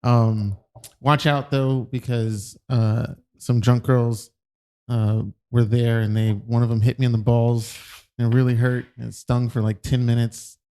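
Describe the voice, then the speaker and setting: Rambling podcast co-host, laughs a lot. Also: male voice, medium pitch, flat delivery, unhurried, dark tone, clear, resonant tone. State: voice cracking. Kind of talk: casual podcast chat.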